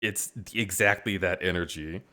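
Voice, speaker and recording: A man on a casual stream, talking with animated sarcasm and heavy swearing. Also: sits low, moderate pace. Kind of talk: casual chat.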